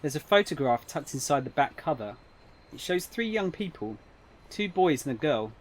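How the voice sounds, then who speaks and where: Brief: male streamer reading a bewildered young heroine from game text, plain reading, lightly raised pitch. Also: very animated, normal speed. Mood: worried. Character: young woman narrating her own puzzled predicament.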